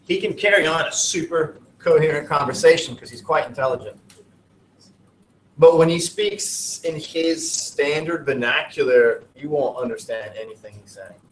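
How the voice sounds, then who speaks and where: Picked up by a distant mic in a roomy classroom with a little background noise, an American man lectures at a moderate pace. His voice leans high, and his teaching style is talkative, full of jokes, and prone to digressions.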